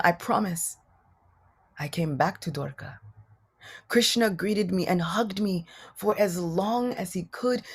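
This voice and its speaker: Brief: a woman doing a sorrowful male royal advisor, eloquent but humbled, with a husky voice. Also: medium pitch, full character voice. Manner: earnest, sorrowful storytelling.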